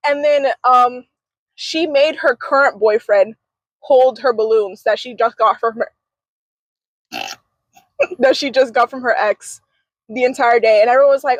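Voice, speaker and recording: A young woman with a high voice chats casually from a parked car. She tells gossip animatedly and acts out the quotes of the people she talks about. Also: moderate pace, long pauses, no room sound. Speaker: co-host.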